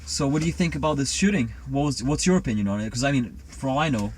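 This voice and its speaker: A man's voice: medium pitch, animated, quick pace, slight background noise. A man chatting casually and rambling confidently through a conspiracy theory. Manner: rambling, self-assured. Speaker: co-host.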